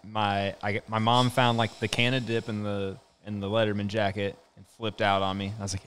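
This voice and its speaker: A man's voice: fairly low pitch, level tone, normal speed, a bit bright, clear, resonant tone. A man, hosting a podcast and telling stories in casual chat, laughing often and swearing freely. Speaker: podcast host.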